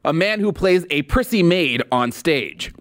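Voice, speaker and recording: A man's voice: on the high side, expressive, unhurried, a bit bright. A man hosting a political commentary show, talking in a sarcastic, mocking and incredulous way. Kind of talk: opinion commentary.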